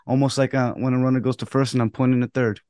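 Guy on a podcast telling ump stories, gets animated doing both sides of an argument, cusses some, dry close mic. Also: medium pitch, quick pace, no room sound. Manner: animated storytelling, acts out both sides of quarrels; swears casually. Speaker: podcast co-host and umpire. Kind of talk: casual podcast chat.

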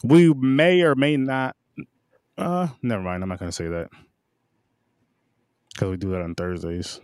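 Chill dude rating movies on a podcast, dry close sound, average pitch. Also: male voice, little pitch movement, unhurried, a little mellow, clean tone, no room sound. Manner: laid-back, talks through opinions with fillers and swearing. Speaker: podcast co-host. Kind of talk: casual movie review chat.

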